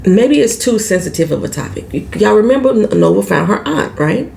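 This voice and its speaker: A woman's voice: mid-range voice, big pitch swings, a little fast, vocal fry, darkish tone, slight background noise. A woman recapping a TV show in a casual, salty vlog, swearing freely and acting out the characters' lines.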